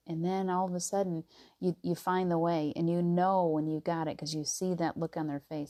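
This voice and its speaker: A woman talks casually about spiritual practice, her voice low and mellow. She laughs often and slips into hushed, near-whispered tones when she acts out inner voices. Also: flat delivery, moderate pace. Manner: soft and gentle, drops to near whispers. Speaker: spiritual teacher.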